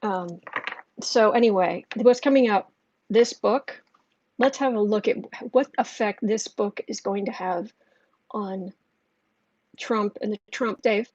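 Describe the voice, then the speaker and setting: A woman's voice: mid-range voice, takes it slowly, pauses often, a little mellow. A woman hosting a live tarot reading stream. She reads viewer comments aloud and talks in an emotional, rambling way with many restarts. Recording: dull, lo-fi sound.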